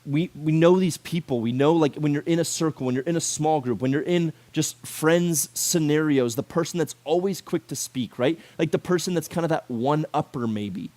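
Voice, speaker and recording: Youth pastor guy preaching to teens, kinda high voice, super chatty, lots of "like" and questions to the crowd. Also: normal speed, few pauses. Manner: animated, conversational, full of "like" and rhetorical questions. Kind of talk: casual youth sermon.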